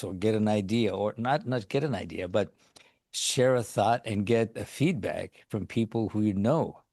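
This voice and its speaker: A man with a fairly low voice hosts a podcast conversation. He talks in a halting way, repeating words and restarting phrases. The recording is dry, with no room sound. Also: a little mellow, no echo. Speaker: podcast host. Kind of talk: casual conversation.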